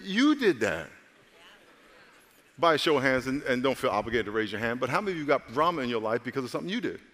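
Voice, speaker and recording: A man's voice: mid-range voice, sing-song, quick pace, fairly bright tone, big-room sound, a little hiss or hum. A male pastor preaching a sermon with humor, calling out to the congregation and voicing characters in his stories.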